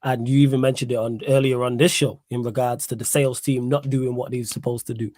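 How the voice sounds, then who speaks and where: A man's voice: medium pitch, little pitch movement, brisk, darkish tone, no room sound. Dry-sounding male podcast host. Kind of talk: casual chat.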